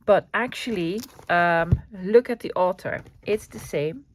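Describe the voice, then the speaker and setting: Excitable woman. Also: fairly low pitch, a little slow, noisy background. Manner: chatty and excitable, with fillers and repeats. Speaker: vlogger showing a thrift haul. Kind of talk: casual chat.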